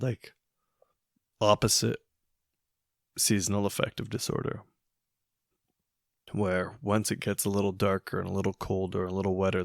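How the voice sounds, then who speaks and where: A man hosting a solo podcast, thinking aloud in a musing, hesitant way with many pauses and restarts. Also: sits low, vocal fry, no echo, clean studio sound. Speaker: podcast host. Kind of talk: reflective solo podcast monologue.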